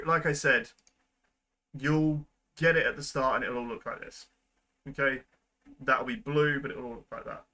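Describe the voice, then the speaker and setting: Young man, video editing tutorial, crisp bright tone, casual rambling talk, desk mic. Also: mid-range voice, poor audio. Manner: relaxed and rambling, with frequent ums and likes. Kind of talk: casual screen-recorded tutorial. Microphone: desk microphone at a computer.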